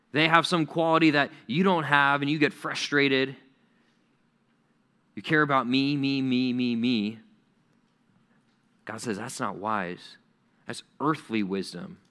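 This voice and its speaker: A man's voice: medium pitch, sharp tone. A male pastor preaching a sermon in a conversational, emphatic way, repeating key words for effect.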